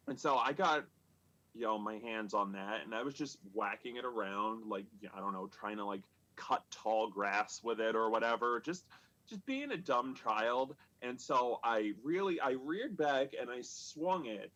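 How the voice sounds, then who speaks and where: A man in his thirties telling a comedic personal story at a live storytelling show, rambling and halting with many fillers and restarts. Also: medium pitch, fairly bright tone, rough recording. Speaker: stand-up comic telling stories.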